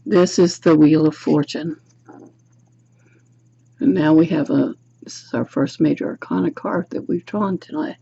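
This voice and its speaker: A woman's voice: low voice, a little slow, vocal fry, long pauses, mellow, breathy edge, dull audio. A woman giving a tarot card reading to camera, musing aloud and asking the viewer reflective questions. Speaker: tarot reader. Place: home room, self-recorded video. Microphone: camera's built-in mic.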